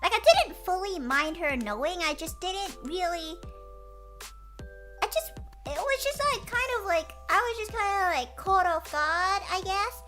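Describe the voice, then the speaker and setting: A woman streamer chatting casually and telling a story in an animated way, swearing and restarting often. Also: very high voice, a little slow. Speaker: streamer host. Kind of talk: casual chat. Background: background music.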